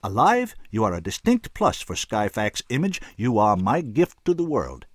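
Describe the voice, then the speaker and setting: A man reading an audiobook, voicing a smug, ruthless male tycoon who talks slowly and condescendingly. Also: fairly low pitch, wildly swooping pitch, slightly rough, no echo, studio quality, heavily acted. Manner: slow, silky and condescending.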